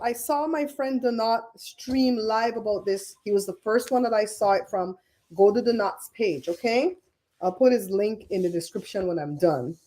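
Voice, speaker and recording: A middle-aged woman hosting a livestream, chatting casually in an animated, gossipy way with frequent laughs. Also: fairly high pitch. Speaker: livestream host.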